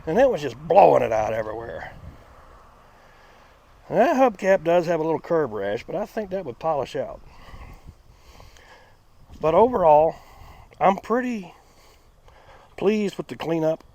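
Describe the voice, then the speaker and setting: Outdoors, a man hosts a casual car-restoration vlog, chatting in a folksy way while his voice swings from high and excited to flat. He talks a little slowly and pauses often.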